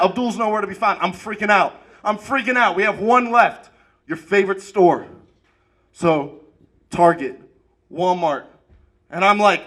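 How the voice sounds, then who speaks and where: Bright high-voiced male stand-up comic. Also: a little fast. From Arab American. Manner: energetic punchline delivery, shouts at peaks. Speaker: stand-up comedian. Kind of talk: stand-up comedy set. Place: comedy club stage with audience.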